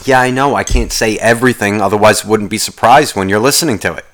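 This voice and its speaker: A man's voice: on the low side, fast talker. Profane ranting man on a podcast. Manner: profane, animated ranting storyteller. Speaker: podcast host. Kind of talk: casual solo podcast rant.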